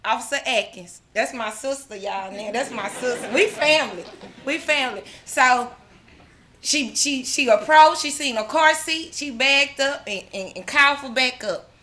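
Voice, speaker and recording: Ibu bersemangat berlogat Selatan AS, suara tinggi dan cerah. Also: female voice, sits high, measured pace, pushed and bright. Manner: fervent, repetitive, restarts often, religious phrasing. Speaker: mother giving a testimonial at an awards ceremony. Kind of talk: emotional personal testimony speech.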